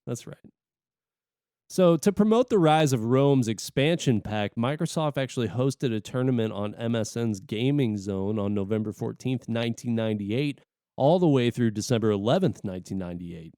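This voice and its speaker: A man's voice: mid-range voice, expressive, moderate pace, warm tone, dry recording, studio quality. A man co-hosting a gaming podcast, reading notes and chatting in a laid-back, wisecracking way. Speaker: podcast co-host. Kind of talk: reading notes and casual chat.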